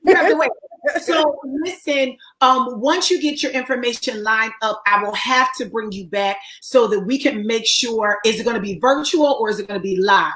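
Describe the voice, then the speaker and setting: A woman with a raspy voice hosting a live online talk show, upbeat and encouraging in a preacherly way. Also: on the high side, normal speed, fairly bright tone, rough recording. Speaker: host.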